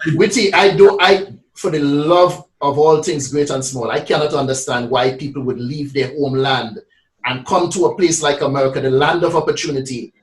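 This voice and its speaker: A man asks measured, articulate questions with a fondness for grand phrasing, his voice a little higher than most men's. He sounds set back from the mic in a noticeably echoey room. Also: recorded from a distance. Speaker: interviewer. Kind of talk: formal interview questions.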